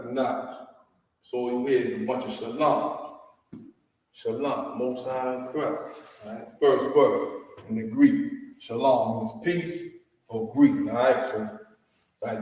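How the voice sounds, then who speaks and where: Slow southern guy teaching a class, keeps asking you know what i mean, far off mic, big echoey room. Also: medium pitch. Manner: drawling, repeats words, asks "you know what I mean?". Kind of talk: language lesson at a whiteboard.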